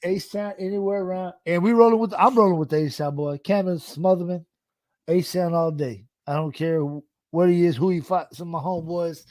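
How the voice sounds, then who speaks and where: Middle-aged podcast co-host, high-set voice, dry close mic, loose and profane. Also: male voice, steady tone, darkish tone, no room sound. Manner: laughs often, swears, drawn-out. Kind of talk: casual chat.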